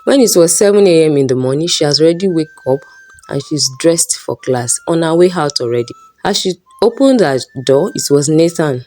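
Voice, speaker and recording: A woman tells a story in a plain, read-aloud way. Her voice sits low and dark. Faint music plays behind her. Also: expressive, moderate pace. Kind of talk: storybook narration with character voices. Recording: soft background music.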